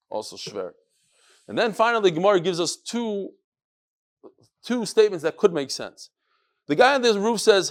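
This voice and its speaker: This high-pitched man moves fairly quickly through a Daf Yomi Talmud lesson in yeshivish English laced with Hebrew and Yiddish terms. He performs the text's dialogue animatedly, with raised voices.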